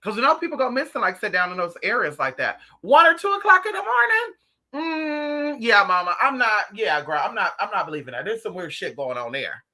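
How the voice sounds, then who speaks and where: Livestream host, animated and profane, storytelling casually to viewers. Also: medium pitch, quick pace, hardly any pauses. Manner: talks straight to viewers.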